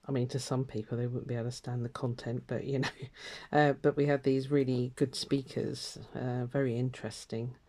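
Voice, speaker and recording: An older woman rambles through a casual catch-up as she stitches, her voice mellow and soft-edged. She drifts between topics with plenty of fillers and light laughter. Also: very deep voice, little pitch movement, moderate pace, few pauses. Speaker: craft vlogger. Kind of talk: casual chat while stitching.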